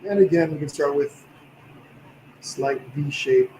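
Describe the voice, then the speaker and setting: Male painting instructor, slightly raised pitch, tired voice, encouraging, roomy live-stream sound. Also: a little slow, slight background noise. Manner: relaxed, encouraging, talks while working. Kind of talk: livestream painting tutorial.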